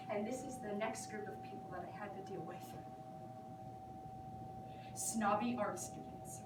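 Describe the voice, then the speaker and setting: An actress performing a self-absorbed, nervous young woman who rambles dramatically to her therapist, high in pitch and breaking into giggles. She sounds far from the mic in an echoey room, with noise clearly audible behind her. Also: lightly acted. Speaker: actor performing a monologue. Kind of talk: theatrical comic monologue.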